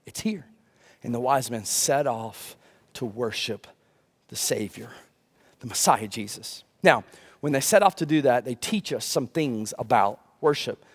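A man preaching a sermon as pastor, animated, with rhetorical questions and humor. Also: medium pitch, unhurried, husky.

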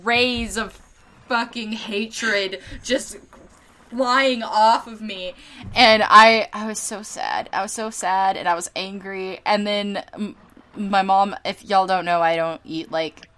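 Speaking slowly at a medium pitch, this young Northern Californian co-host spins a funny story about everyday life. Her telling is animated and dramatic, full of laughs and swear-laden asides.

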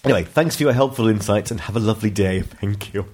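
A man's voice: fairly low pitch, fast talker, a little mellow, husky. A man, co-hosting a casual podcast chat, reading out listener questions and laughing often.

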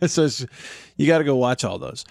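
A man's voice: medium pitch, vocal fry, no echo, clean studio sound. A man with a Southern US accent hosting a radio show, chatting casually, laughing easily and rambling through stories. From American South. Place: radio studio.

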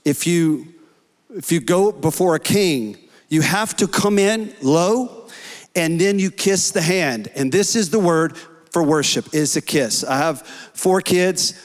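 A man preaching a sermon, earnest and rising to shouts in prayer. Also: on the high side, expressive, slow. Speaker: pastor. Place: church hall. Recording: long hall reverb.

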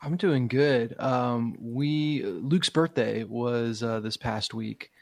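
A man in his thirties co-hosting a casual podcast, dropping wry quick asides. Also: mid-range voice, a little mellow, dry recording. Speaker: podcast co-host. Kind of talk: casual chat.

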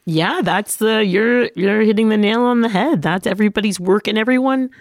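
A woman's voice: mid-range voice, moderate pace, dry recording, studio quality. A woman in casual conversation, explaining her own routine in an earnest, upbeat way. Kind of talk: casual chat.

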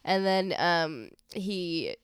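A woman's voice: lowish voice, expressive, extremely slow, clean tone, dry recording, clean studio sound. A woman co-hosting a podcast, recapping a film in a chatty way with many ums and likes. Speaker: podcast co-host. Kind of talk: casual chat recapping a film.

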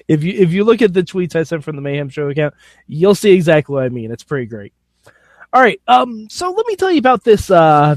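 A man co-hosting a podcast, recapping a wrestling show in casual, animated, jokey chat and laughing often. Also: a little high, no room sound.

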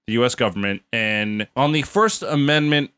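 A man's voice: medium pitch, normal speed, pushed and bright, smooth. A man co-hosting a podcast, telling a story in a blunt, opinionated way with casual swearing. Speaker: podcast co-host. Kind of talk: casual chat.

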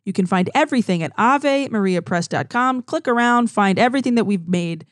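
A woman's voice: medium pitch, lively intonation, a little fast, no echo, clean studio sound. A woman with a Louisiana accent hosting a podcast, chatty and friendly as she introduces and questions her guest. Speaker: podcast host. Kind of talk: podcast interview.

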